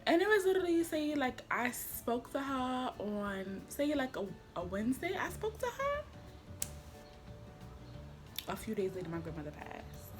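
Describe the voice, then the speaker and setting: A woman's voice: high voice, big pitch swings, unhurried, soft background music. A young woman, vlogging at home in a casual, slangy way that turns emotional at times. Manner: chatty, slangy, emotional, quietly tearful at times. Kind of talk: casual chat.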